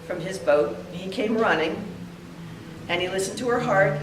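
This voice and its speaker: A woman's voice: medium pitch, background noise. Older woman giving a eulogy in an echoey room. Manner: heartfelt storytelling with pauses. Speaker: eulogy speaker. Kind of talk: memorial tribute speech. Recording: echoey room, heard from a distance.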